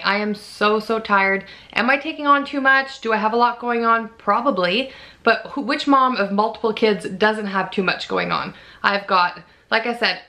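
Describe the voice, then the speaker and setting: A woman in her thirties chatting casually in a vlog, emotional and quick to laugh, sounding tired. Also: on the high side, fairly bright tone. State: fatigued. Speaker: vlogger.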